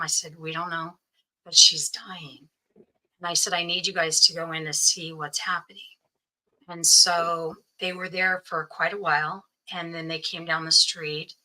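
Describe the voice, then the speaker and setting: A woman's voice: fairly low pitch, pushed and bright, poor audio. A woman guest recounting a personal story in an interview, earnestly quoting what others said to her. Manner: earnest, quotes others' speech as she tells it.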